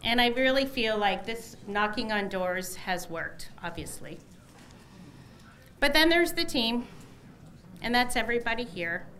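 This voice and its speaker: A woman's voice: a little high, expressive, a little slow, long pauses, bright, forceful tone, slight background noise. A middle-aged woman, a newly elected candidate, gives an emotional, effusive election night victory speech at a headquarters party, thanking many people.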